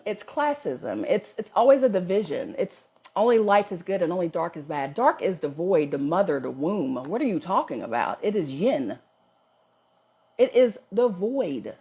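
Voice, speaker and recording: A woman's voice: medium pitch, a little mellow, slightly rough. A woman talking casually and bluntly on a live stream as a spiritual content creator, emphatic and often profane.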